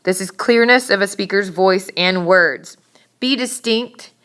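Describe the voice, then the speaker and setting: A woman teacher giving a classroom lecture on public speaking, brisk and direct, with scolding asides to her students. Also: medium pitch, fairly bright tone, clear, resonant tone.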